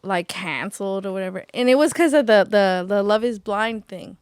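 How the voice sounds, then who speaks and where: A woman's voice: mid-range voice, normal speed, clean tone, no echo, clean studio sound. A woman in her thirties co-hosting a casual podcast, talking bluntly in slang and apologizing often. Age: 30s. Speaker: podcast co-host. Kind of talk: casual chat.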